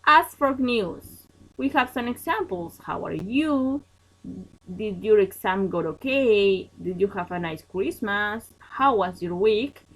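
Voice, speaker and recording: A woman teaching an online English class, a Spanish speaker, explaining each point slowly and checking in with "okay?" and "yes?". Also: medium pitch, animated, poor audio.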